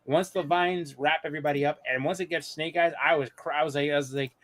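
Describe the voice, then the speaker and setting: A man's voice: fairly high pitch, fairly even intonation, fast talker, fairly bright tone. Rambling man chatting on a live show. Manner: rambling, many restarts and fillers. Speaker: host of a live comics show. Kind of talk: casual chat.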